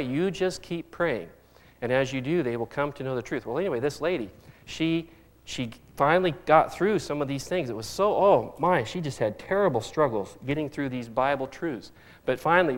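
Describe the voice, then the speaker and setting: A middle-aged man preaching a sermon as pastor, earnest and fond of repeating phrases for emphasis. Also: on the high side.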